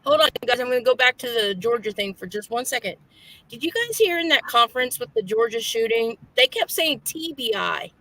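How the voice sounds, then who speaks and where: Bright, gravelly-voiced woman hosting a live chat. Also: a little high, animated, brisk. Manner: chatty, jokey, scattered. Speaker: host. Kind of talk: casual live panel chat.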